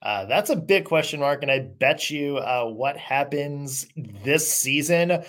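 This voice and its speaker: A sports podcast host talking casually, relaxed, with frequent "uh" fillers. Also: medium pitch, a little slow.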